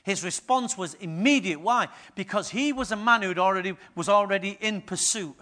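In a sermon to his church, a middle-aged pastor keeps a moderate pace, his voice bright, high and forceful. He acts out the figures in his lively stories, swinging from confiding murmurs to loud, punchy lines.

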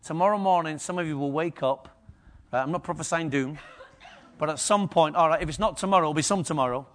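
A man preaching a lively sermon to a congregation, acting out the story's characters. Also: fairly high pitch, fast.

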